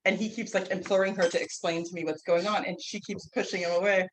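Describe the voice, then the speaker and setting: Woman, classroom storyteller, rambling, animated, some distance from the mic, faint hiss. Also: on the low side, fast. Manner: lively, rambling, with restarts and frequent "like". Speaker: herbal instructor and guest speaker. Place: classroom, speaking away from the mic.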